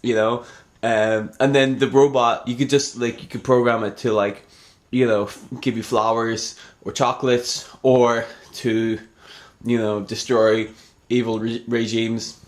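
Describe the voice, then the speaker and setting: A man talking through a loose comedy vlog, deadpan and sarcastic, his sentences wandering off into mumbles and restarts. His voice sits at a middling pitch, neither deep nor high. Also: a little slow. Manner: rambling, sarcastic, trails off into mumbles. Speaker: comedy vlogger. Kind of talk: rambling deadpan comedy monologue.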